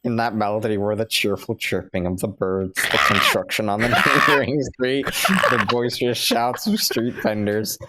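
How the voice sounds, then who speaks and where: A man reading a visual novel's narration aloud in a steady storytelling way. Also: lowish voice, normal speed, very noisy. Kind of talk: reading game text aloud with friends.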